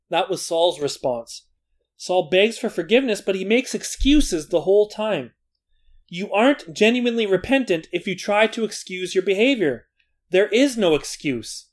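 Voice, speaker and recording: Man, Bible teacher, earnest narration, self-deprecating asides, high-pitched voice. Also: lively intonation, moderate pace. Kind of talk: scripted Bible study narration.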